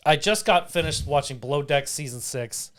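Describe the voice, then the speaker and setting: A young man with a slightly high voice chatting casually as a podcast co-host. He rambles, restarts his sentences and throws in goofy jokes. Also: moderate pace, a bit bright. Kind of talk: casual chat.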